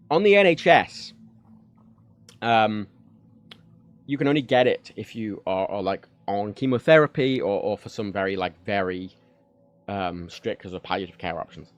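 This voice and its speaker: A British streamer with a lower voice chats casually and frankly on a home livestream, using a desk microphone. He speaks at a moderate pace with long pauses, rambling along with frequent fillers and restarts.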